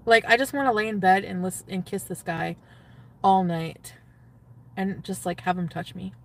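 A woman talks on a casual livestream, giddy and gushing. Her sentences trail off and break into laughter, and her pitch sits mid-range for a woman. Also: fairly even intonation, normal speed, gravelly.

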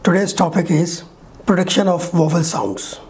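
A woman teaching English phonetics in an online lecture, slowly drawing out each example sound. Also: on the low side, fairly even intonation, a little mellow, slight background noise. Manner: slow, deliberate, drawn-out example sounds.

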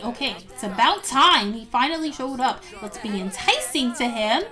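A woman giving excited, gushing commentary over a life-simulation game, gasping often and voicing quick asides for the characters. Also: a little high, soft background music. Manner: bubbly and gushing, frequent gasps, quick quoted character asides. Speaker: gaming YouTuber narrating gameplay. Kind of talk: excited let's-play commentary.

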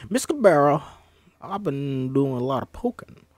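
A man's voice: mid-range voice, big pitch swings, moderate pace, no room sound. A man voicing a courtly, probing male detective in a screenplay table read, drifting in and out of a put-on accent.

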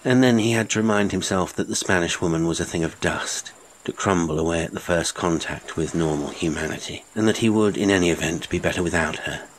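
A man narrating a classic horror audiobook in a measured, theatrical reading. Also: deep voice, slight background noise, low-quality recording.

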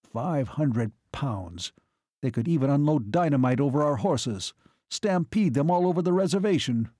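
A man voicing a gruff, blunt older army marshal who speaks heavily and deliberately. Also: fairly high pitch, animated, warm tone, dry recording, studio quality, voice pushed up. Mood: alarmed. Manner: heavy, deliberate, curt.

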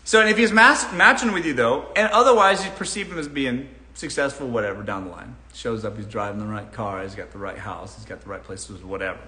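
A man's voice: medium pitch, brisk, hardly any pauses, sharp tone. A man from Los Angeles hosting a live Q&A on dating, giving advice bluntly and with plenty of profanity. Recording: roomy echo.

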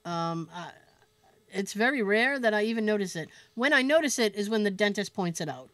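A woman co-hosting a podcast, telling a story in an animated, profane way and laughing as she goes. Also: mid-range voice, a little fast, no echo. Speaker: podcast co-host. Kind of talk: casual storytelling chat.

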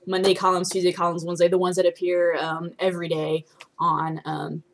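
A woman's voice: on the low side, monotone, fairly quick. A young woman chatting casually to her followers at home, rambling with many ums and swearing offhandedly. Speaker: vlogger.

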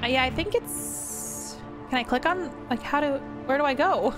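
A woman's voice: sits high, moderate pace, music in the background, rough recording. A woman streamer giving live commentary on a game, laughing hard and exclaiming at the screen. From US East Coast.

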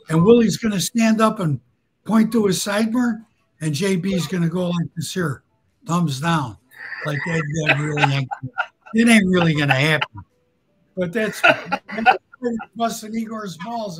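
A man tells stories as a guest, his voice fairly high and husky. He tells crude, animated anecdotes and acts out each quoted person. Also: a little slow, poor audio. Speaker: guest storyteller. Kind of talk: casual storytelling.

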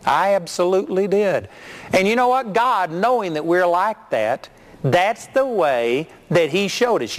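A middle-aged man preaching a sermon, telling folksy, animated stories. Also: sits high, a little slow. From Texas.

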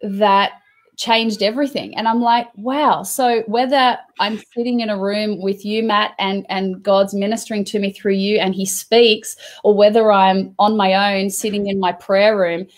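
A woman's voice: medium pitch, fairly even intonation, a little slow. A woman in casual conversation, earnestly telling an emotional story of a prayer experience. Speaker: host. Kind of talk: casual chat.

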